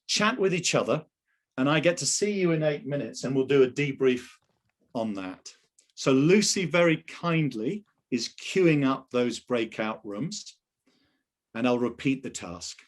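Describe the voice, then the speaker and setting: A middle-aged man talks on a video call, leading a sales training webinar. His pitch rises and falls in a lively way as he poses questions to the listeners and answers them himself, staying chatty throughout. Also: unhurried. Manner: animated, conversational, asks the audience questions. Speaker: webinar presenter and sales coach. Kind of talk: live webinar presentation.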